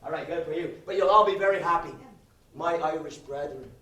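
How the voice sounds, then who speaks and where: A man's voice: a little high, fairly quick, bright, forceful tone. A man performing a live comedy set with a guitar, teasing the audience and tagging his lines with "all right?". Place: live venue before an audience. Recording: roomy live room, mic from a distance. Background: guitar music.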